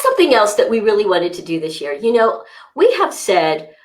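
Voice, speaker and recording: A woman's voice: medium pitch, sing-song, normal speed. A woman co-hosting a casual fitness livestream, upbeat and greeting viewers by name.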